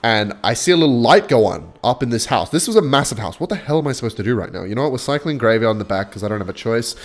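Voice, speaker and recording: A young man chatting excitedly while playing a game, mixing play-by-play commentary with a story. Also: medium pitch, quick pace. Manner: excitable, chatty, swings between hype and muttering. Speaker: gaming YouTuber. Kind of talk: live gameplay commentary with storytelling.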